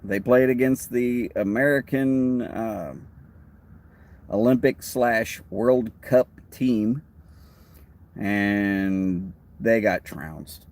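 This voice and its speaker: A male streamer with a Texan accent hosts a casual live chat, wandering from topic to topic and answering comments from viewers. His fairly low voice is a little mellow and extremely slow.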